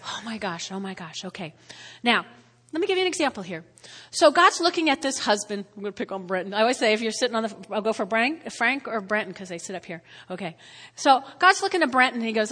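Woman pastor, high bright voice, emotional sermon with shouts and whispers, long hall echo. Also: animated, fast talker. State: tearful at times. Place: church hall.

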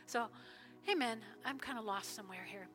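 A woman pastor preaching in a church service, fervent, with sudden loud bursts and soft prayerful stretches. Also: fairly high pitch, normal speed, soft background music. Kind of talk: sermon with altar call prayer.

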